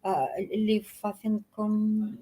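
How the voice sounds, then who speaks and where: A woman from Russia with a Russian accent, a guest chatting casually in halting, broken English full of restarts. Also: mid-range voice, level tone, warm tone, poor audio. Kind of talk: casual chat. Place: hotel.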